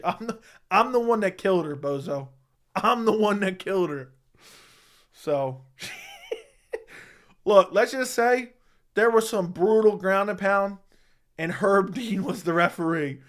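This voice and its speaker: High-voiced man trash-talking on a livestream. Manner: crude mocking trash talk; laughs often. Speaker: livestream host. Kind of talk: casual livestream chat.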